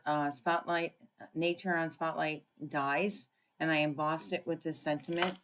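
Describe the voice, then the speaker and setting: A woman with a low voice walks through a crafting tutorial at her desk. She talks casually and thinks aloud as she works, pausing to clear her throat. Faint clicking sounds come from her tools in the background. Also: a little hiss or hum. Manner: chatty, thinking aloud while working, frequent throat clearing. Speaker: papercraft demonstrator.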